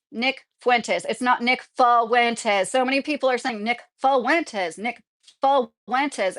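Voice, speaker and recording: A woman with a slightly high voice rambling through casual livestream commentary. She keeps apologizing and slips in laughing asides as she goes. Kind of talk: casual live-stream commentary.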